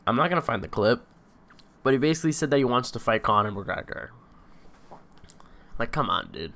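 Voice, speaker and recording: A man's voice: medium pitch, big pitch swings, a little fast, vocal fry, bright, forceful tone. A young man hosting a live stream, rambling casually in profane slang about combat sports.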